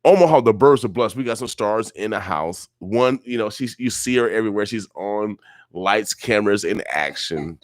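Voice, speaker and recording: A fairly low-pitched, animated middle-aged man hosts morning radio at a normal speed, recorded on a studio microphone with no echo. His talk is casual and rambling, peppered with repeated catchphrases.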